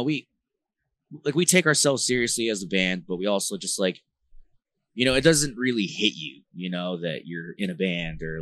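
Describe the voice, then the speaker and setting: A man from New Jersey, a band vocalist, talking as a podcast guest in a rambling, slang-filled way with lots of fillers, getting animated as he tells stories. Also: low-pitched, dry recording. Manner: rambling, filler-heavy slang talk with frequent "like" and "bro"; animated, gets louder when retelling tense moments. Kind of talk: casual conversational storytelling.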